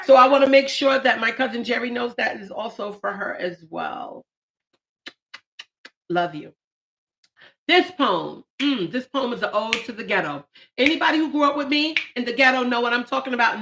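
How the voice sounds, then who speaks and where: Young woman poet hosting a live stream, playful asides between poems, bright, a little high. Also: moderate pace. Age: young adult. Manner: playful, talks back to herself, swings from joking to tearful. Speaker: poet and channel host.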